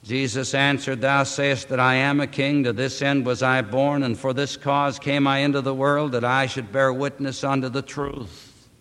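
A man preaching a sermon, reading scripture aloud and speaking to the congregation with emphatic, drawn-out phrasing. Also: mid-range voice, flat delivery, fairly bright tone. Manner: addresses congregation as beloved. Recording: long hall reverb.

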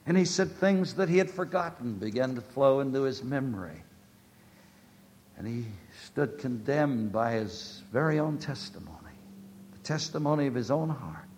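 Male preacher with a mid-range voice, delivering a sermon with big swings from ringing declarations to hushed near-whispers. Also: mid-range voice, lively intonation, moderate pace.

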